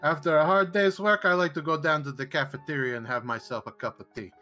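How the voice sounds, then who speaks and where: A man's voice: fairly high pitch, fast talker, pushed and bright, soft background music. A man playing a tabletop game, joking and rambling in a playfully sarcastic way. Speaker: player. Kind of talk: tabletop game role-play.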